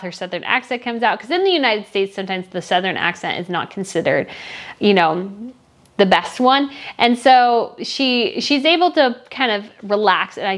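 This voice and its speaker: A woman talking casually as a royal fashion commentator, chatty and opinionated, gushing over some looks and blunt about others. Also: medium pitch. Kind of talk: casual chat.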